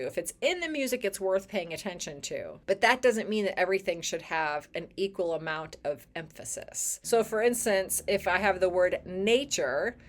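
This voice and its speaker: Woman choir director explaining stuff, clear and emphatic, mid-pitch voice. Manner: clear, emphatic, sings short sung examples. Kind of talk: educational video explanation.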